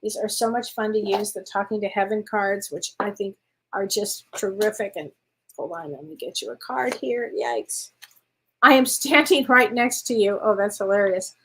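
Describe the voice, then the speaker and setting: A woman's voice: mid-range voice, moderate pace, slightly rough. A woman hosting a live-stream show of psychic readings, chatty and rambling, calling viewers honey and sweetheart. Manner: rambling with frequent restarts and self-corrections. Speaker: psychic medium host.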